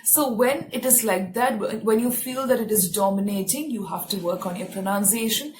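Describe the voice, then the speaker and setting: A woman teaching pronunciation in an online lesson, patiently repeating points and slowly demonstrating words. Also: mid-range voice, a little mellow, slight background noise, rough recording.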